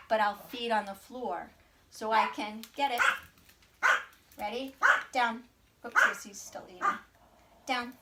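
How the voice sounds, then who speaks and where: A woman dog trainer demonstrating, mixing quick commands to her dog with upbeat explanation. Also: a little high, very noisy.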